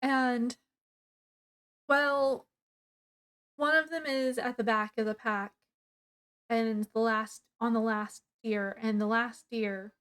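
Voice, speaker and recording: A woman's voice: a little high, steady tone, takes it slowly, long pauses, a bit bright. A woman casually reviewing a book, retelling the plot in a rambling way with lots of fillers.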